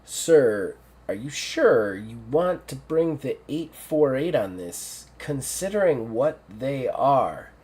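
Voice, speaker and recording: A man's voice: mid-range voice, big pitch swings, slow pace, darkish tone. A man plays a cautious soldier aide who answers his superior politely. He hesitates and stumbles over his words.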